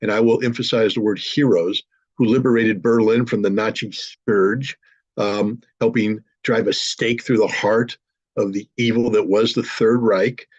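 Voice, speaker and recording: A man giving forceful, indignant political commentary as a guest in an online interview. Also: lowish voice, fairly even intonation, a little slow, breathy edge, dry recording, muffled recording.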